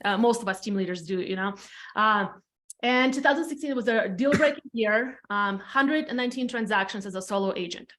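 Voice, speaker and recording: A woman's voice: medium pitch, brisk, a bit bright. A woman in her thirties from Latvia with a Latvian accent, telling her story as a podcast guest in a frank, chatty way, swearing casually and repeating phrases for emphasis. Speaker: podcast guest, real estate team leader. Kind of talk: candid storytelling chat.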